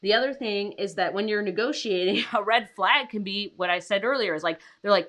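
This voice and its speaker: A woman coaching freelance writers on a livestream, chatty, full of fillers and rhetorical questions, acting out client dialogue in quick asides. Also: mid-range voice, sharp tone. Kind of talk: livestream teaching.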